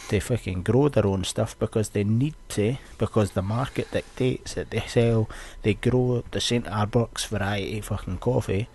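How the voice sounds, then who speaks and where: A young Scottish man hosting a podcast, ranting in a loose, sweary, storytelling way. His voice sits fairly low and has a husky edge. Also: moderate pace, few pauses, darkish tone. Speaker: podcast host. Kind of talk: casual podcast chat.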